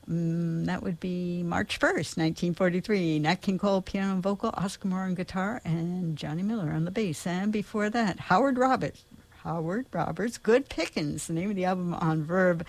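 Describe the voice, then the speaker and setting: A woman's voice: fairly low pitch, darkish tone, no echo. A woman hosting a radio music show, announcing the records in a chatty, enthusiastic way with small asides. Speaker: radio host.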